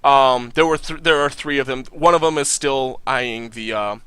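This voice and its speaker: A young man narrating as game master in a tabletop game, halting and full of fillers. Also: mid-range voice, fairly bright tone, smooth, dry recording. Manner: halting, many fillers and restarts.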